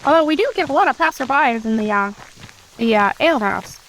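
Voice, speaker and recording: A blunt young tavern woman turned adventurer, speaking in a high voice with hesitant starts, as a woman plays her. She is a tabletop game character. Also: expressive, fairly quick, fairly bright tone, a little hiss or hum, low-quality recording.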